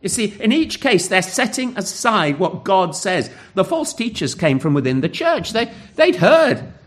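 A man preaching a sermon in an emphatic, earnest way, with dramatic pauses. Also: high voice, very animated.

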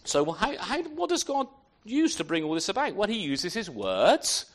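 Animated, high-voiced male preacher. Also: moderate pace. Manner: unscripted, with frequent restarts and rhetorical questions. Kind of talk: sermon.

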